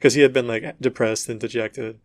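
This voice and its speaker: Animated male podcaster, dry close sound. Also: mid-range voice, fairly quick, no room sound. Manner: animated storytelling, acts out dialogue in quotes. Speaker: podcast co-host. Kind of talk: casual chat.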